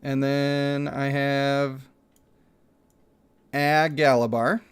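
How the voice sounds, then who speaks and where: Here the young mobile-game streamer talks very slowly, his mid-range voice clear and resonant. Still animated, he chats casually with viewers, laughs frequently, and reads their donations and chat aloud.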